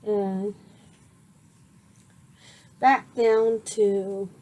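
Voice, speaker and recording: A woman narrating an improvised fan story, halting often and restarting her sentences. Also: medium pitch, fairly even intonation, warm tone. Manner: halting, with many fillers and restarts.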